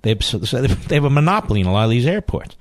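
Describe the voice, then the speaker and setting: Male talk radio host, emphatic and indignant, low lively voice, dry close mic. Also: rapid-fire, dry recording. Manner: emphatic, indignant, rhetorical questions. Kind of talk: political talk radio monologue.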